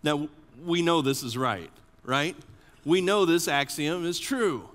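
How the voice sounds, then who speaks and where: A man preaching a sermon as an associate pastor, animated and often asking the congregation questions. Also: a little high, slow pace. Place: church sanctuary. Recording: long church reverb.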